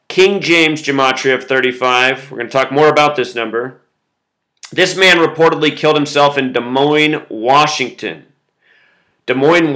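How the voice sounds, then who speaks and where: Male solo video host, bright and forceful tone, insistent explainer. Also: mid-range voice, poor audio. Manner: insistent, explains with numbers, quotes song lyrics.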